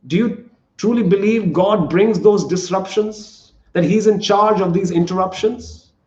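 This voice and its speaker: High-voiced man preaching in an echoey church. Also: darkish tone. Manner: earnest, repetitive preaching with rhetorical questions. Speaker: pastor. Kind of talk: sermon. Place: church sanctuary. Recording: echoey church room, dull lo-fi sound.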